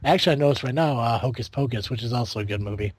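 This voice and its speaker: A man's voice: medium pitch, very fast, breathy edge, no echo. A man hosting a podcast in casual chat, rambling with fillers, swearing and laughing often. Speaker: podcast host.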